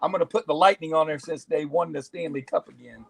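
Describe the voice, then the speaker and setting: High-voiced chatty man on a live call. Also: fast talker, vocal fry, slightly rough, poor audio. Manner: chatty, laughs easily. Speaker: guest caller on a live stream. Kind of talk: casual chat.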